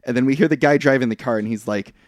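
A podcast co-host with a medium-pitched voice talks very fast, recorded dry in studio quality. He casually recaps a film's plot, rambling with fillers, laughing often, and quoting the characters.

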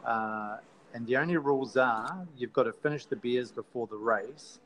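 Australian man, podcast co-host, casual rambling chat, teasing, mid-pitched voice. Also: moderate pace, fairly bright tone, rough recording. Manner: rambling, teasing, with many fillers and restarts.

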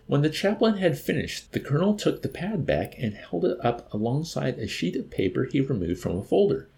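A man narrating an audiobook with an expressive, dramatic reading. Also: on the high side, brisk, creaky.

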